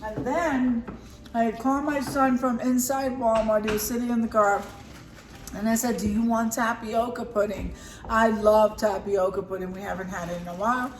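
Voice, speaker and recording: A woman's voice: on the high side, steady tone, normal speed. A middle-aged woman chatting casually through a grocery haul at home, sometimes talking with her mouth full. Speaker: vlogger showing a grocery haul. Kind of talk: casual haul vlog chat. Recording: echoey room, mic far off, clear background noise.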